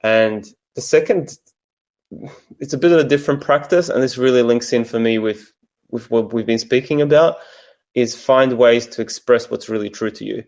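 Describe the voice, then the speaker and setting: A man with an Australian accent, a coach speaking as an interview guest, calm and thoughtful with soft pauses. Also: medium pitch. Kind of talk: reflective interview answers.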